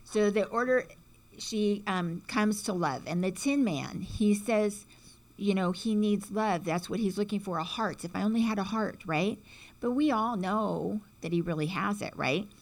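A woman's voice: medium pitch, a little slow. A woman giving a casual spiritual talk, chatting along and often checking in with "right?". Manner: chatty, frequent "right?" checks, acts out quotes. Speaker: teacher explaining symbolism.

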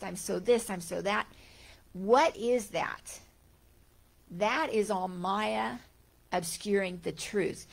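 Slow, gravelly-voiced woman teacher. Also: mid-range voice. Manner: gentle, conversational, with frequent restarts and rhetorical questions. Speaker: spiritual teacher. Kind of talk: talk on Vedanta teaching.

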